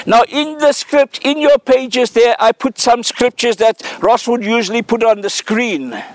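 A male pastor delivers a sermon with a notably high voice and an unhurried, deliberate pace. He tells an illustrative story earnestly and then builds to emphatic, repeated declarations, the way a preacher speaks to a congregation in church. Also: no room sound, low-quality recording.

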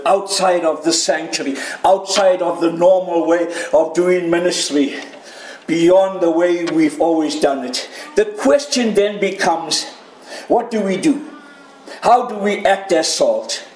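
High-voiced preaching man, echoey church. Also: unhurried, slight background noise. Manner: lively preaching, mimics shouting voices. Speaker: pastor. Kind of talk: sermon. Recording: echoey room.

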